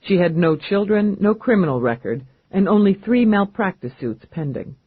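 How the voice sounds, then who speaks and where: A man narrating a crime novel audiobook with steady, measured storytelling. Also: sits high, breathy edge, no room sound, phone-quality sound. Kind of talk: scripted narration.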